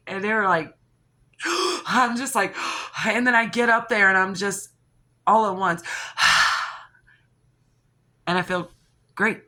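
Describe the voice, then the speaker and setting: Woman, channel host, bright sharp voice, casual storytelling, rambling, animated, restarts. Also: medium pitch, slow pace, pauses often.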